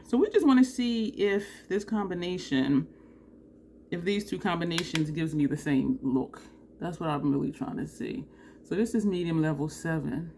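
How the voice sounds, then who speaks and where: Chatty makeup vlogger, a woman with a lower voice, animated, quick to laugh. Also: a little hiss or hum. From New Jersey. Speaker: beauty vlogger. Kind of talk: casual makeup tutorial chat.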